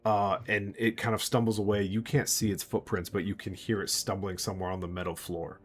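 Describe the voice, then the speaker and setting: Guy gm narrating a tabletop game, lowish voice, lots of uhs and little laughs. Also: level tone, a little fast, husky. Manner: loose, filler-heavy narration with frequent chuckles. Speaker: game master.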